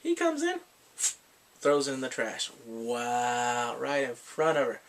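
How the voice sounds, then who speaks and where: A man's voice: mid-range voice, wildly swooping pitch, slow pace. A man casually recapping drama episodes, rambling and filling his talk with "like" and acted-out quotes. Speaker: drama reviewer.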